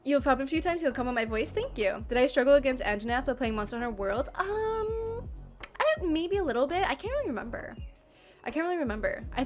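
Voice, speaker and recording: Giggly woman chatting on stream. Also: high voice. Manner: giggly, chatty, answers chat messages. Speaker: livestream host reading chat. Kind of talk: casual livestream chat.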